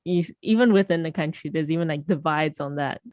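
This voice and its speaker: A woman's voice: low voice, a little fast, darkish tone, no room sound. A woman from southern China co-hosting a podcast, chatting casually with frequent laughs and fillers. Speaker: podcast co-host. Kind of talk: casual chat.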